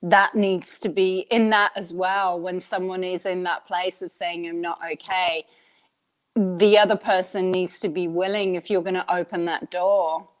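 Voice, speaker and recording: A woman's voice: lowish voice, flat delivery, moderate pace, few pauses. A woman hosting a casual coaching talk, earnest and frank, laughing often and swearing mildly. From Australia. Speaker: host, life coach. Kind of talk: casual conversational podcast chat.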